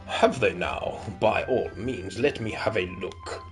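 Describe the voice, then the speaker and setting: A man voicing a pompous, scheming older male commander in a game, in a low, hushed, breathy put-on voice. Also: slow pace, soft background music.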